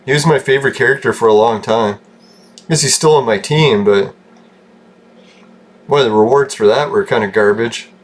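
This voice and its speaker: A man's voice: medium pitch, moderate pace, long pauses. A man from Canada giving rambling, casual commentary over gameplay, joking, swearing and laughing often. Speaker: gaming channel host.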